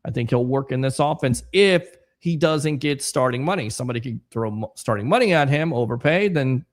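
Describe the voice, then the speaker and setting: A man's voice: medium pitch, expressive, fairly quick. A man hosting a casual sports livestream, chatting and reading viewer comments aloud with rambling asides. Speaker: sports podcast host.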